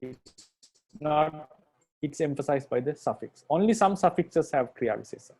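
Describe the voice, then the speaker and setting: Mellow-voiced monk patiently teaching grammar. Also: male voice, on the high side, lively intonation, normal speed, breathy edge. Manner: patient, repetitive, restates points with "right?". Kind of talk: explanatory lecture.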